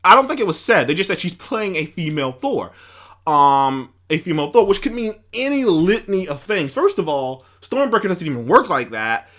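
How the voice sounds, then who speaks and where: A man hosting a casual opinion commentary, rambling and animated, with many fillers and restarts. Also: high-pitched, normal speed. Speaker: commentary host.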